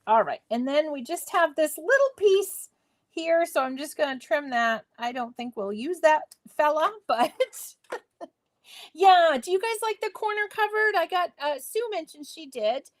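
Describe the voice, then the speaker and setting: A woman hosts a live crafting tutorial from her home craft space, chatting playfully with viewers while she works. Her high-sitting voice is expressive and unhurried.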